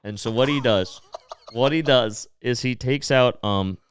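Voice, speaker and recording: A man's voice: mid-range voice, unhurried, a little hiss or hum. A man co-hosting a comedy podcast who tells a story in a rambling way, full of "like". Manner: animated, rambling, lots of "like". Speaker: podcast co-host.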